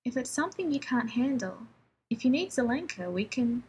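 Brief: calm military man, read by a woman, steady and quietly encouraging. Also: normal speed, a little hiss or hum. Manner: low, calm, reassuring. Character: steady male soldier talking a partner through danger.

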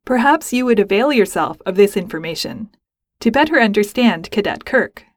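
A woman's voice: medium pitch, expressive, normal speed, no echo, studio quality, natural voice. A woman voicing a young male alien cadet who speaks in a precise, formal, unemotional way.

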